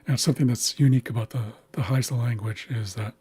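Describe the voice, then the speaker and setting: A man teaching a language lesson, patiently walking through pronunciation and repeating example words slowly. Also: medium pitch, fairly even intonation, mellow. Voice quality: very breathy, husky. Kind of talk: slow instructional walkthrough.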